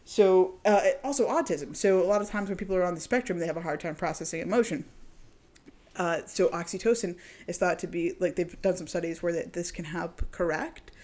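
A woman's voice: fairly low pitch, a little fast, a little mellow. A woman co-hosting a casual group podcast chat, talking freely with lots of "like" and easy laughter. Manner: chatty, uses "like" a lot, laughs easily. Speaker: podcast co-host.

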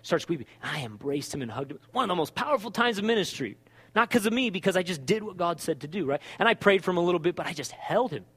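Animated pastor preaching in a reverberant hall. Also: male voice, high-pitched, fast, husky. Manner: animated storytelling, acts out dialogue. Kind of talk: sermon.

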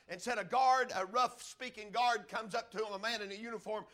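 A male preacher tells a story from the pulpit in a high, bright voice. He rises to loud, impassioned cries and then drops to a hushed, low delivery. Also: steady tone, a little fast, few pauses. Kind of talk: storytelling sermon.

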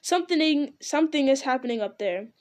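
A woman reading aloud, voicing an excited townsman who points out strange lights. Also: high-pitched. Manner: eager, wondering, quickening.

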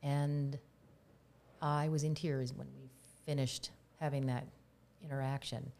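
A middle-aged woman speaks as a guest, her voice low and gravelly with a husky fry. She tells stories candidly and reflectively, and at times her voice drops almost to a whisper. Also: flat delivery, measured pace, dark tone. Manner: reflective, open, drifts to a near-whisper. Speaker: guest, herbalist. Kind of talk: candid personal storytelling.

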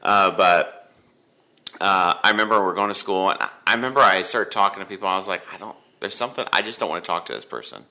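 A man, a pastor, telling a personal faith story in a rambling, animated way with many restarts. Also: low voice, quick pace. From Ohio. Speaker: pastor and guest.

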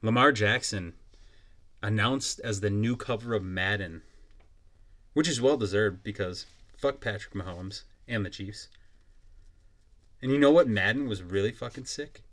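A man's voice: on the low side, a little slow, pauses often, a bit bright. A young man hosting a podcast, ranting in a blunt, profane and mocking way. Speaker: podcast host. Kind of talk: casual solo podcast rant.

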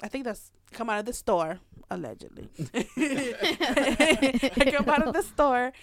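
Animated middle-aged woman telling a family story. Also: fairly high pitch, slow pace. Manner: animated, laughs often, acts out quotes. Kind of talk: casual storytelling.

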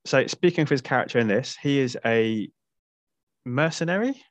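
A man appearing as a guest on a film podcast, talking in a measured, conversational way. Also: medium pitch, lively intonation, dry recording. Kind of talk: casual film discussion.

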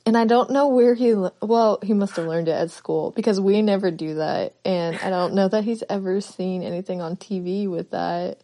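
A woman's voice: mid-range voice, normal speed, few pauses, mellow. A woman co-hosting a podcast in casual chat, a mother telling amused anecdotes. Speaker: podcast co-host.

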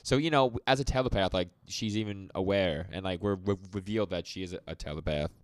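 A man's voice: low-pitched, fast talker, smooth, no room sound. A man co-hosting a podcast, chatting casually and rambling through an anime episode recap, acting out the characters' lines. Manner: rambling, many fillers, acts out character lines. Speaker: podcast co-host.

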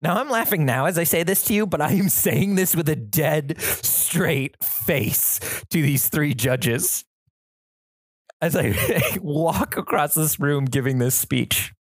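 Host with a chaotic, fast-shifting storytelling style and self-mocking humor, recorded in a dry room. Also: mid-range voice, breathy edge, no echo. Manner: frantic, chaotic, animated telling. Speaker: podcast host. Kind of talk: storytelling monologue.

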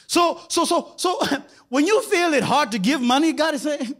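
A man's voice: very high voice, expressive, moderate pace, a bit bright. A man preaching a sermon in a conversational way, often putting rhetorical questions to his listeners.

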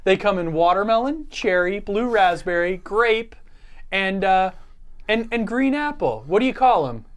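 A man co-hosting a casual podcast chat, playful and animated. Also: high voice, measured pace, smooth. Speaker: podcast co-host.

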